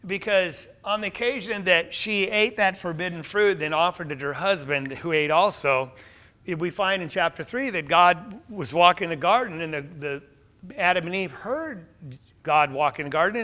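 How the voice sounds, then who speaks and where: Animated, bright-voiced male preacher. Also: sits high, normal speed. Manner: asks the listeners questions and answers them; emphatic, rises to louder emphasis. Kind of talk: sermon.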